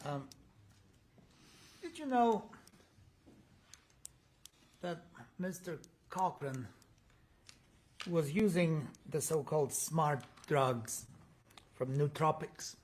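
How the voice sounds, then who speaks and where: A man's voice: a little high, lively intonation, extremely slow, pauses often, a little hiss or hum. Man pressing hard in cross-examination. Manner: pressing, leading questions. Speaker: defense attorney. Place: courtroom.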